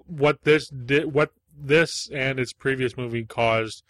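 A man's voice: mid-range voice, steady tone, fairly bright tone, no room sound. Chatty man trading movie talk. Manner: chatty, quick asides, casual swearing. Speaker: podcast co-host. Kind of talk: casual movie review chat.

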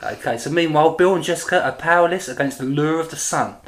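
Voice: mid-range voice, fast, background noise. An English co-host of a podcast, recapping a TV episode in casual chat with wry remarks.

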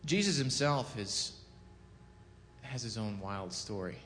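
A man giving a casual sermon, telling a scripture story with lively acted-out quotes and frequent self-corrections. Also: takes it slowly. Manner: animated storytelling, acts out quotes with rising pitch and volume; self-corrects, chuckles at own jokes. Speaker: preacher. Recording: long hall reverb.

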